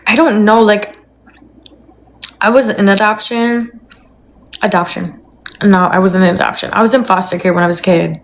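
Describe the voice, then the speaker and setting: A woman's voice: mid-range voice, steady tone, normal speed, long pauses. Young woman on a phone live from her apartment, rambly, coos baby talk at her dog, faint hiss behind. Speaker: livestreamer. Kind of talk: casual livestream chat.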